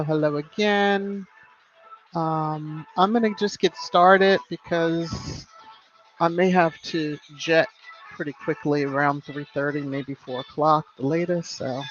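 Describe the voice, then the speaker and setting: A woman hosting a casual live stream, chatting with viewers and greeting them by name in a sing-song way. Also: deep voice. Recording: slightly muffled, soft background music.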